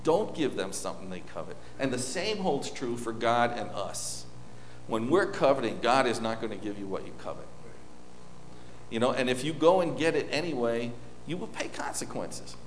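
A male preacher talks to his congregation in a relaxed, storytelling way, stumbling and restarting as he goes. His voice sits at an ordinary pitch. It rings out through a large hall with a long, echoing reverb. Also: moderate pace, a little hiss or hum. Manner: informal, anecdotal, with many restarts. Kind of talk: conversational sermon.

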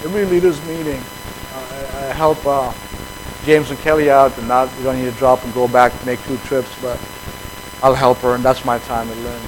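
A man preaching a conversational sermon to his fellowship, switching between quiet reflection and animated acted-out dialogue. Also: medium pitch, normal speed, background noise.

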